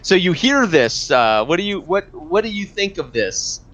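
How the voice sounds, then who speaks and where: A man running a tabletop game as game master, narrating in a halting way with many fillers and restarts. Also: high voice, very animated, fairly bright tone. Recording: dull lo-fi audio.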